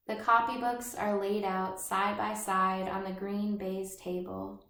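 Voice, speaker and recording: A woman reading a literary novel aloud in calm, measured audiobook narration. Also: mid-range voice. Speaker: audiobook reader. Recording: roomy echo.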